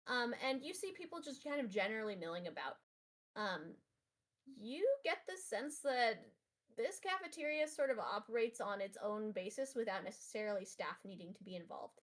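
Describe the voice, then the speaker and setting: A woman narrating as game master of a tabletop game, with lively narration full of fillers. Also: fairly high pitch, normal speed.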